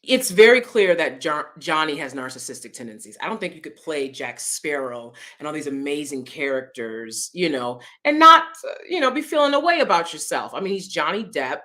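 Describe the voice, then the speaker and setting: A woman hosting her own vlog, talking through celebrity news in a chatty, expressive way and laughing often. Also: low voice, moderate pace. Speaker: vlogger host. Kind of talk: casual opinion commentary.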